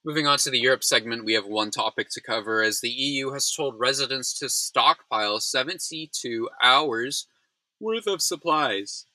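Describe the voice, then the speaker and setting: A man's voice: medium pitch, moderate pace, pushed and bright, no echo, rough recording. A man hosting a solo news recap in a casual, rambling way, full of fillers, yawning and sounding frazzled. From United States. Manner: tired, rambling, self-deprecating, many fillers.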